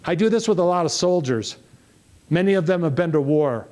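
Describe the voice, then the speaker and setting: A middle-aged man delivering a motivational talk on stage, animated and story-driven. His voice sits a little higher than most men's, and he slips into quoted dialogue as he tells his stories. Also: brisk. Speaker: motivational speaker.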